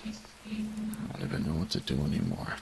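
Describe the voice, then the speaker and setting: A young man in a whispered role-play, playing a horror game in hushed, panicky, swearing reactions. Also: brisk, a little hiss or hum. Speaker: gaming YouTuber.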